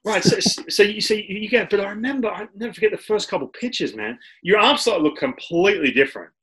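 Animated, bright-voiced male host. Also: high voice, brisk. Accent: Australian. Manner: animated storyteller, many restarts. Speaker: podcast host and former pitcher. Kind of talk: casual interview chat.

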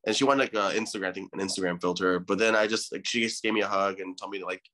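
Bright-voiced man in his thirties, rambling. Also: low-pitched, steady tone, quick pace. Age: 30s. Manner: rambling, effusive storyteller. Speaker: podcast guest. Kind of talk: casual chat.

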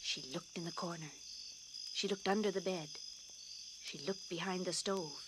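A woman reading a bedtime story aloud in a soothing, soft-spoken way, whispering the sound effects. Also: lowish voice, fairly even intonation, normal speed, pauses often, background noise. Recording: crickets chirping in the background.

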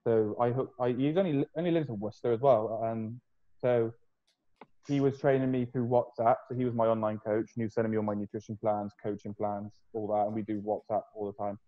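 A man's voice: lowish voice, steady tone, brisk, narrow, tinny audio. A young man chatting casually on a podcast, rambling loosely and swearing freely. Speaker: podcast host, fitness coach. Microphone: video call.

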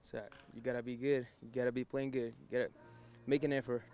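A young man from Arizona, soft-spoken, giving brief answers. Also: mid-range voice, flat delivery, fast. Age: young adult.

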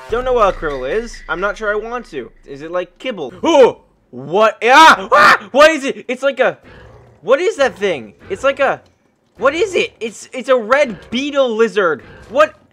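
Guy doing excited game commentary, high bright voice, keeps yelping in surprise. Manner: exclaims and shrieks in surprise. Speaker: gaming YouTuber.

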